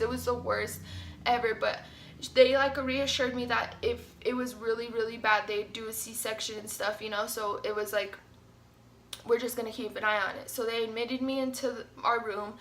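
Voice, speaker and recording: A young woman tells a story to her viewers in a loose, chatty way, full of "like" and "you guys." Her voice sits a little high and sounds bright and forward. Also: a little hiss or hum. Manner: chatty, animated, says "like" often. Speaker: vlogger. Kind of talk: casual storytime.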